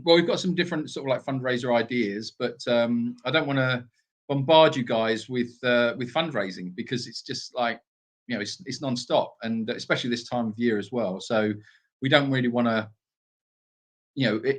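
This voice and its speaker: British man chatting, rambling with fillers. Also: mid-range voice. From Britain. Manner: rambling, with many fillers and restarts. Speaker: sanctuary co-host. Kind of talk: casual live Q&A chat. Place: animal sanctuary.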